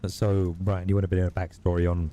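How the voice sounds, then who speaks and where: A man's voice: deep voice, completely flat delivery, fast talker, mellow, soft background music. A man hosting a let's play, chatting casually with self-deprecating asides while reading game text. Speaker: gaming video host.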